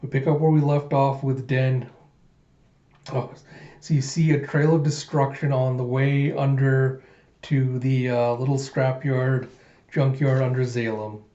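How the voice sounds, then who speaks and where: A man's voice: mid-range voice, level tone, a little slow, dark tone. A man narrating a manga readthrough in a casual, rambling way with many fillers. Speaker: manga reader. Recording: echoey, dull lo-fi room.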